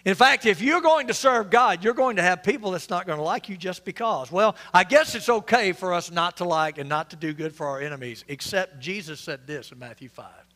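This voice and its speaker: A man's voice: sits high, a little fast, few pauses, bright, forceful tone, long reverb tail. A male pastor, preaching an interactive, joking sermon and questioning his congregation. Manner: conversational, quizzing the congregation, joking asides. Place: church sanctuary.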